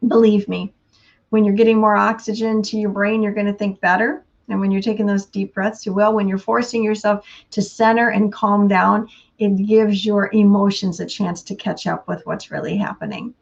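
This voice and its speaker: A woman giving a casual inspirational talk, unhurried and laughing often between thoughts. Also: medium pitch, flat delivery, creaky, highs cut off. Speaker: motivational speaker.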